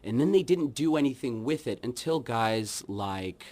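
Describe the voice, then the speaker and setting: A man who is a children's musician, chatting as a guest in a radio studio interview, wry and rambling, with his voice often trailing off into quieter asides. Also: mid-range voice, lively intonation, moderate pace. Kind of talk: casual radio interview chat.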